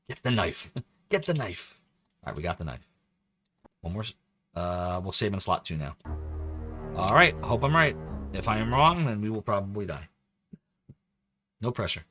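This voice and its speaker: Low-voiced chatty male streamer. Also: animated, moderate pace, long pauses, pushed and bright, faint music behind. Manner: chatty, rambling, laughs often. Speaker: game streamer. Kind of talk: casual live-stream commentary.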